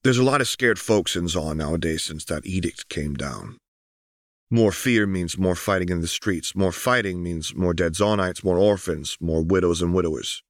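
A man's voice: low-pitched, moderate pace, dry recording, clean studio sound. A man doing a bitter, streetwise young man. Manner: blunt, bitter, streetwise slang.

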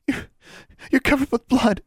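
A man's voice: measured pace, no echo, clean studio sound, close to an everyday voice. A man voicing a frightened young witch girl who calls out urgently to her hurt friend in a storybook reading. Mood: alarmed. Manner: high, urgent calling out.

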